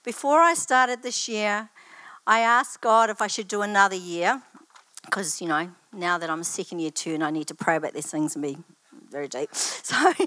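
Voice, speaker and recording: A woman's voice: medium pitch, a bit bright, no echo. Older woman sharing a chatty testimony. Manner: chatty, anecdotal storytelling with asides. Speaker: church student giving a testimony. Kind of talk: personal testimony talk.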